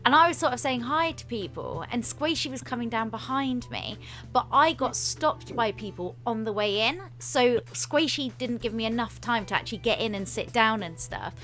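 A woman hosts a friendly chat and asks her guest questions. Her voice sits on the higher side. She rambles loosely, laughs easily, and fills her sentences with "like". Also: animated, normal speed, a bit bright, faint music behind. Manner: giggly, rambling, lots of fillers like "like". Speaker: host interviewing a guest. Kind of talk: casual interview chat.

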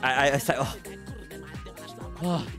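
Excitable rambling male streamer. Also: mid-range voice, a little slow, music in the background. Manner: excitable, rambling, stammers and swears. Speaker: livestreamer. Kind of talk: casual livestream chatter.

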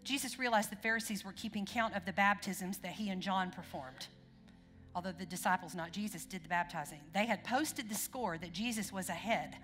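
A woman's voice: mid-range voice, brisk, fairly bright tone. A woman preacher giving a conversational sermon in a church, often checking in with the congregation with questions. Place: church sanctuary. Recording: long hall reverb with faint music.

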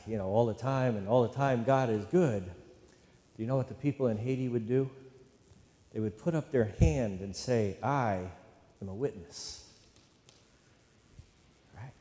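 A male pastor gives a sermon in a mellow, warm voice with a middle pitch. He speaks conversationally, leads call-and-response with the congregation and keeps asking "right?". The sound carries a long reverb, as in a church sanctuary.

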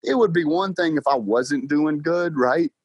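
A man's voice: on the high side, breathy edge, no room sound, dull audio. Young man, casual interview guest, laughing storyteller, dry close sound. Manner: excited, laughs often, talks fast with "like" and "bro". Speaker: guest car salesman.

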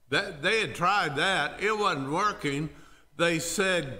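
A man's voice: fairly high pitch, expressive, slow, bright, forceful tone. A male pastor preaching a sermon in a church worship service, telling the story dramatically and speaking directly to the congregation.

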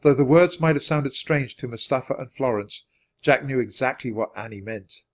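A man with a voice of middle pitch narrating a children's chapter book. He reads at an even, natural pace and keeps the storytelling clear. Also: moderate pace. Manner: steady, clear read-aloud pacing. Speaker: storybook reader.

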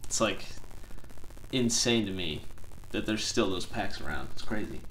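Young man streaming from home, low voice, lively swings in pitch, easy laughter, faint background hiss. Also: measured pace. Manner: chatty and excitable, laughs easily. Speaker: card-collecting streamer. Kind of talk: casual live-stream chat. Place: home room.

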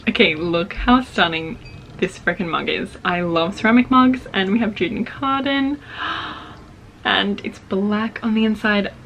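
A young woman chats excitedly through an unboxing, gasping and gushing over each item in a mid-pitched voice. A faint hiss of noise sits under her talk. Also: a little slow. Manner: gushing, gasps often, repeats "oh my gosh". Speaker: book unboxing vlogger.

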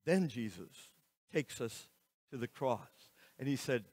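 A man preaching a sermon as pastor, slow and emphatic, with dramatic rises and falls in his voice. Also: medium pitch, darkish tone. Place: church sanctuary. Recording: reverberant church hall.

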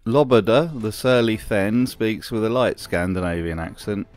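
A man's voice: fairly low pitch, normal speed, darkish tone, soft background music. Dry, sardonic male narrator. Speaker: video narrator. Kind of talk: wry commentary voice-over.

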